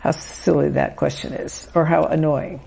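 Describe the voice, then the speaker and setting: A woman being interviewed as an author, talking in a thoughtful, reflective way and pausing to search for words. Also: low voice, little pitch movement, creaky, dark tone, breathy edge, poor audio.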